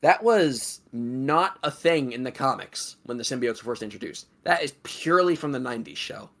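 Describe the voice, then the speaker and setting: A man's voice: medium pitch, animated, moderate pace, fairly bright tone. A man co-hosting a stream, giving strong opinions and swearing freely while talking about a video game. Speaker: stream moderator and co-host.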